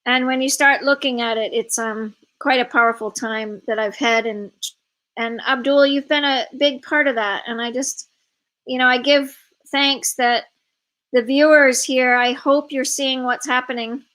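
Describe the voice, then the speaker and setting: High-pitched woman, animated storyteller, live stream host, video call audio. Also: poor audio. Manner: animated, quick bursts of storytelling with laughs. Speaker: host of live online event.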